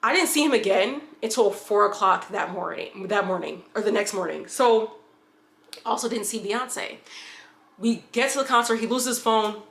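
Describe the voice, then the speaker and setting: A woman's voice: medium pitch, normal speed, gravelly, a bit bright, reverberant. A woman from upstate New York telling a rambling personal story, with frequent restarts and asides. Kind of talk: casual storytime.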